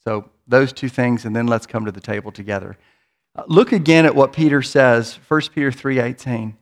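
A man's voice: mid-range voice, moderate pace. A man preaching a sermon in a church, in an earnest manner, often repeating words as he builds toward a point. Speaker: pastor.

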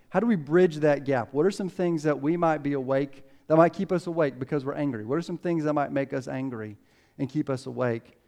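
A pastor giving a conversational sermon, telling stories and acting out quotes with lively ups and downs. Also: male voice, fairly high pitch. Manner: conversational, animated storytelling with acted quotes.

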